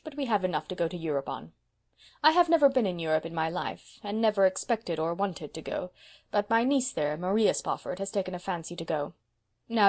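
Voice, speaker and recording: A woman voicing a proud, brisk spinster of seventy, speaking emphatically and sternly. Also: on the low side.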